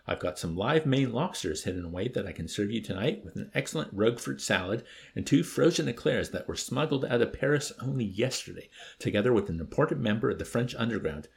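Brief: smooth-talking schemer, male narrator putting him on, gravelly, salesman-like. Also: mid-range voice, expressive, a little fast, few pauses. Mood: ingratiating. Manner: ingratiating, salesman-like.

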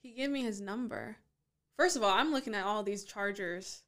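Opinionated female co-host, teasing, mid-pitched everyday voice. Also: normal speed, fairly bright tone. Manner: opinionated, teasing, talks over her partner. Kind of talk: casual chat.

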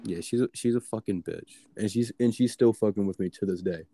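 A young man with a lowish, dark voice talks briskly, telling a story in casual chat. He rambles, leans heavily on fillers and swears a lot.

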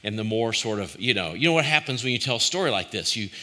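A man with a lowish voice and a bright, forceful edge gives a reflective devotional talk. He speaks conversationally and searchingly, circling back on his own phrases and turning to the listener with direct questions. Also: lively intonation, fast. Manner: conversational and searching, with frequent restarts.

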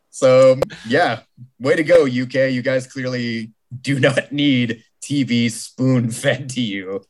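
A podcast host in casual, jokey chat, talking in quick bursts. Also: medium pitch.

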